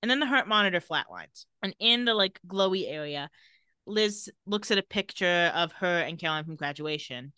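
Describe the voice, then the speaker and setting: A young woman recaps a TV episode with a sarcastic, deadpan play-by-play. Her voice is bright and crisp. The sound is dry and close, with no room echo. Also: lowish voice, moderate pace. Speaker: podcast co-host recapping a TV episode. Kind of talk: casual recap chat.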